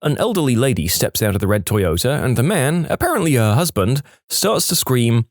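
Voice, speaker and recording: A man narrating online stories in an expressive, scripted storytelling manner. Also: medium pitch, a little fast, few pauses, no room sound, clean studio sound.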